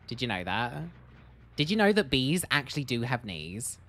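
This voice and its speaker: A woman's voice: very deep voice, sing-song, normal speed, fairly bright tone, a little hiss or hum. A woman streamer giving playful, jokey commentary as she plays a game, with sing-song bits. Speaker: gaming streamer. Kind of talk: casual gameplay commentary.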